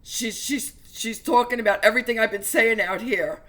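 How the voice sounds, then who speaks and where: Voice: medium pitch, normal speed, sharp tone. A religious vlogger giving an emotional personal testimony to viewers, speaking earnestly and fervently with stumbling restarts.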